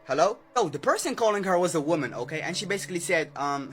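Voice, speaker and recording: A high-pitched man recounts a scary tale in a loose, chatty way, tossing in "okay?" and acting out the dialogue. Faint music plays under his voice. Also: lively intonation, quick pace, few pauses, fairly bright tone. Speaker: storyteller. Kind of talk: casual horror storytime.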